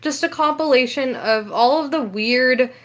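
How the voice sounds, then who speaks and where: A teenage girl co-hosting a casual podcast, excitable and laughing, reading old news stories aloud. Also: high-pitched, normal speed. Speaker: podcast co-host. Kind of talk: casual chat.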